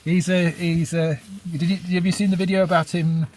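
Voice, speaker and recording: A man's voice: fairly high pitch, level tone, fairly quick, a little mellow. A man chatting at an outdoor camp, hesitant and rambling, with many restarts. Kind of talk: casual chat. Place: outdoors at a wild camp on moorland.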